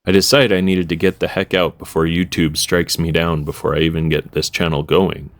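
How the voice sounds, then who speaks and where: Young male vlogger, low-pitched, deadpan narration with dry wit. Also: brisk. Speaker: history vlogger.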